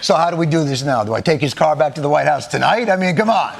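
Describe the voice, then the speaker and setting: A man delivering a comedic monologue as a late-night host, swinging between mock-serious muttering and bursts of shouting. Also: a little high, animated, quick pace, vocal fry, noisy background.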